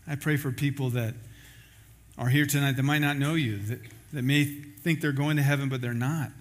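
A man preaching as a pastor, telling a story with lively acted-out quotes before closing in prayer. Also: medium pitch, normal speed. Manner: storytelling, acting out quoted voices; ends in a spoken prayer. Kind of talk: sermon.

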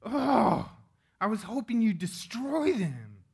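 A man voicing an angry, sulking male prophet in a high, drawn-out, petulant whine. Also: sing-song, creaky, darkish tone, slightly rough, full character voice. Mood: furious whining.

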